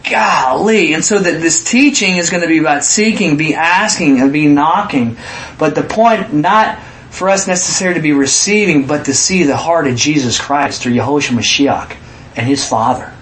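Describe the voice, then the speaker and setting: A man preaching a sermon in an animated way, acting out quotes with sudden shouts. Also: fairly high pitch, moderate pace, echoey room.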